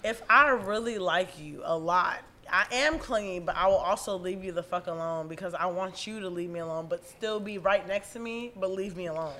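A woman's voice: lowish voice, moderate pace, few pauses, bright, forceful tone. A woman guest on a casual group podcast, blunt and sassy.

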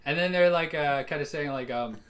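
Bright-voiced rambling man. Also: fairly high pitch, fairly quick. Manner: rambling, giggly, lots of fillers. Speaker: podcast co-host. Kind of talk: casual comedy podcast chat.

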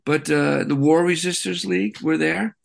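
A man being interviewed as a guest, recounting events in an animated, rambling way. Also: a little high, normal speed, vocal fry. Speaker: interview guest, peace activist. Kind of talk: conversational interview.

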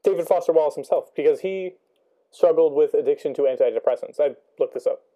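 A man's voice: on the high side, fast talker, dark tone. A young man talking through a book chapter casually, thinking aloud with many ums and rhetorical questions. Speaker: student discussing a book.

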